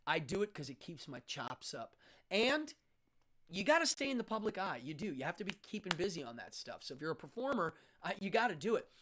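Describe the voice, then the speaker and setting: Blunt, middle-aged man, stage magician, hosting a talk show, casual storytelling, lively swinging pitch. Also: brisk. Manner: blunt, animated, frank.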